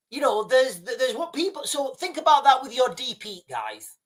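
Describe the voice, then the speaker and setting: A man's voice: very high-pitched, big pitch swings, normal speed. Blunt man lecturing his stream. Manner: blunt, emphatic, repeats points, keeps calling the viewers guys; frequent restarts and fillers. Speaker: livestream host. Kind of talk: livestream talk to viewers.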